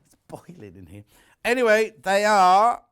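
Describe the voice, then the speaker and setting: A sing-song, high voice with a clear, resonant, slightly bright tone belongs to a middle-aged British man speaking at a measured pace. On a live shopping channel he presents fabric bundles, rambling with jokey asides, inside a warm studio whose shutter doors are open.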